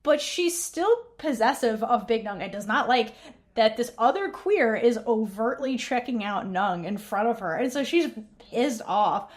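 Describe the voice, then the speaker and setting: A woman co-hosting a casual recap podcast, animated and laughing often as she acts out characters' lines. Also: on the high side, measured pace. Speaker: podcast co-host.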